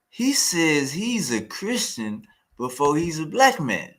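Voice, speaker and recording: A man's voice: a little high, very animated, measured pace, hardly any pauses, fairly bright tone. A man hosting a reaction video, commenting in a slangy, repetitive and mocking way on a debate clip. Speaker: reaction host.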